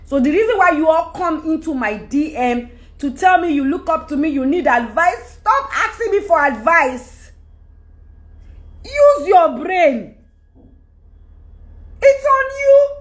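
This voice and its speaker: A middle-aged Nigerian-accented woman lectures her followers live through her phone. Her voice sits high and leaps all over the place, and she keeps breaking into loud, preachy outbursts. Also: big pitch swings, unhurried. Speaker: livestream host. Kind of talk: unscripted rant on a live stream.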